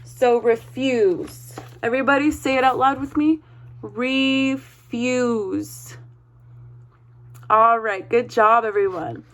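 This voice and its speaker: A woman teaching a read-aloud vocabulary lesson, spelling words out slowly and encouraging the class. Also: a little high, bright, forceful tone. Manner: slow, spells words letter by letter; encouraging, checks in with "okay?".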